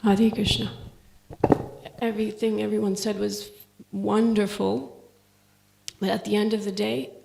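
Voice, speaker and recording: A woman in a class audience offering a soft-spoken, thoughtful comment. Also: medium pitch, little pitch movement, measured pace, gravelly, long pauses, a little hiss or hum. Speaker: audience member. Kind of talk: comment from the floor. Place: temple hall.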